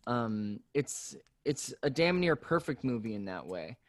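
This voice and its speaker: A man co-hosting a casual podcast chat, relaxed and agreeable, often pausing on "uh" and "um". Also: medium pitch, no echo, clean studio sound. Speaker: podcast co-host.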